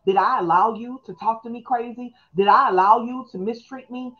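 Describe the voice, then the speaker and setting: A middle-aged woman pastor, teaching fast in a live-streamed talk and calling on her listeners to respond. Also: fairly high pitch, highs cut off. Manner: fast, call-and-response, preacherly.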